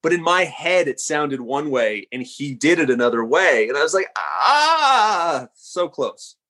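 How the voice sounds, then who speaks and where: A man, a screenwriter guest in a casual podcast chat, with an ordinary mid-range voice. He reflects on his work in a self-deprecating way, pausing on "um" and "uh" as he gathers his thoughts. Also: medium pitch, fairly bright tone.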